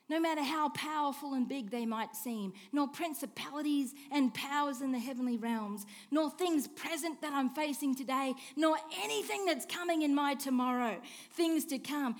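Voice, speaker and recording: A woman preaching a sermon, asking rhetorical questions and swinging between hushed and emphatic lines. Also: sits high. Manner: expressive, swings from soft hush to emphatic declaring; slow, deliberate delivery with rhetorical questions.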